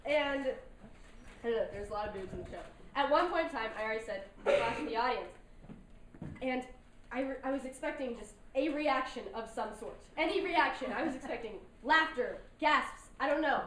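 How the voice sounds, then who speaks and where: A woman's voice: high-pitched, expressive, moderate pace, a bit bright. Giggly young woman on a stage. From North Carolina mountains. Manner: giggly, chatty, self-deprecating, laughs between lines. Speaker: stand-up comedian. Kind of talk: stand-up comedy set. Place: large hall with an audience. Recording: echoey hall from far off, noisy.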